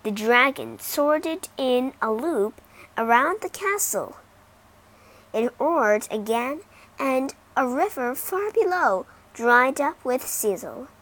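A woman narrating a children's storybook for English learners in a dramatic, expressive way. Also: high voice.

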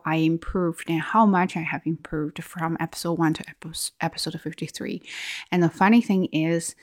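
A woman's voice: low-pitched, fairly even intonation, moderate pace, dry recording, clean studio sound. Reflective woman with a Chinese accent. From China. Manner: reflective, with frequent restarts and fillers. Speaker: video host. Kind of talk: casual vlog monologue.

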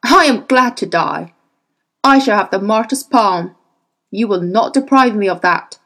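A woman's voice: medium pitch, animated, measured pace, a bit bright. Woman voicing a harsh fanatical zealot. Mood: solemn. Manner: solemn, harsh. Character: fanatical dying male zealot. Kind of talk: audiobook character reading.

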